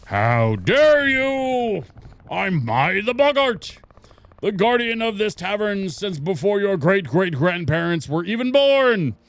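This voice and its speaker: A man's voice: sits high, big pitch swings, slow, voice pushed up, heavily acted. A man putting on a grumpy ancient boggart. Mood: haughty. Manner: haughty, scolding, theatrical. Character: grumpy ancient boggart guardian in cat form. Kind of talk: voicing game dialogue while streaming.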